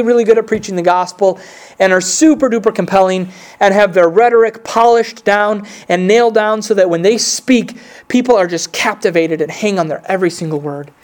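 A man's voice: sits high, brisk, darkish tone. A man preaching a sermon in an earnest, conversational way, reading scripture aloud with emphasis. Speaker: pastor.

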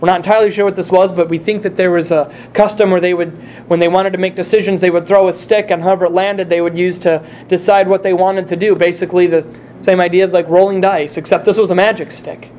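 A man's voice: high-pitched, flat delivery, fast talker, darkish tone, a little hiss or hum. A male pastor preaching a sermon, speaking earnestly and putting direct questions to his congregation.

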